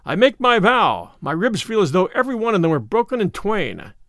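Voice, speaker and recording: A big, indignant outlaw roars and grumbles in a lively, climbing pitch, voiced by a man reading a storybook. He is blustering and sore about his loss, and the sound is dry and close. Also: brisk, no echo, heavily acted. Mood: grumbling. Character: burly beaten male outlaw, roaring and sulky.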